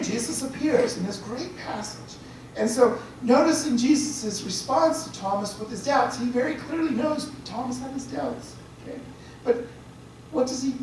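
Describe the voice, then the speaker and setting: Priest lecturing in a chatty way, heard from a distance in a very echoey room with faint hiss. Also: male voice, very high-pitched, a little mellow. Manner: chatty, checks in with listeners. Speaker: priest giving a talk. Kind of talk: conversational lecture.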